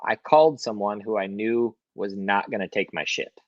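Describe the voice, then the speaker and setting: A young man, a podcast guest, telling a personal story in a lively, swearing way and acting out quotes, in a hotel room. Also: lowish voice, normal speed, no echo, lo-fi sound. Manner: animated, swears, acts out quotes. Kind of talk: casual storytelling.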